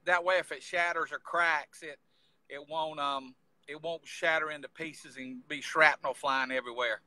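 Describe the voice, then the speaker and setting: A man's voice: fairly high pitch, fairly even intonation, moderate pace, sharp tone, dry recording. A man with an eastern North Carolina accent, talking in a plain-spoken, matter-of-fact way during a casual chat.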